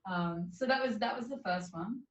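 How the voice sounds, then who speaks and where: Brief: woman interviewee, earnest and animated storyteller, heard from a distance on a muffled line. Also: medium pitch, moderate pace. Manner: earnest, animated retelling with quoted dialogue. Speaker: guest. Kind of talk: storytelling in conversation. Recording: dull roomy distant sound.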